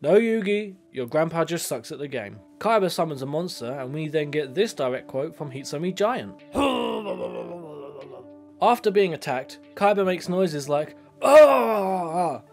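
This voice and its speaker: A man's voice: a little high, lively intonation, moderate pace, few pauses, a little mellow. Male commentator, sarcastic and exasperated, with faint background music. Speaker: video commentator. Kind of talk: comedic commentary.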